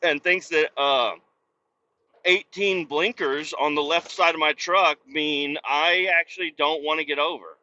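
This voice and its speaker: A foul-mouthed trucker rants and mocks from the cab of his truck, his voice bright and a touch high. He rambles between yelling and mumbling asides. The recording is dull and lo-fi. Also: steady tone, measured pace. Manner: profane, mocking, rambling. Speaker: truck driver and podcast host. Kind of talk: profane rant while driving. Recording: dull lo-fi sound.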